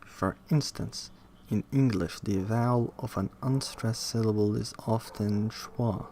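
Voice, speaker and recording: A man reading aloud from a linguistics textbook, halting, restarting words and questioning the text as he goes. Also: lowish voice, mellow, slight background noise. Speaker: reader studying a linguistics textbook. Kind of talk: reading aloud with self-commentary.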